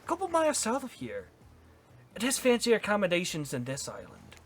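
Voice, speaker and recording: A man voicing a scheming, smooth-talking male narrator of a resort island, sly and persuasive. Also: high-pitched, huge pitch swings, a little fast, a bit bright, soft background music, heavily acted.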